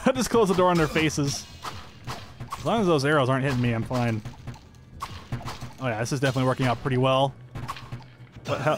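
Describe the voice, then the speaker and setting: A man giving upbeat, chatty let's-play commentary, thinking aloud as he plays. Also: mid-range voice. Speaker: gameplay commentator.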